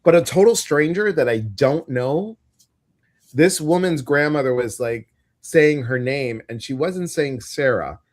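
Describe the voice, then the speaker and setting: A man co-hosting a casual live-stream show, talking in a chatty, animated storytelling way. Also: fairly high pitch, a little slow. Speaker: co-host of a live intuitive show.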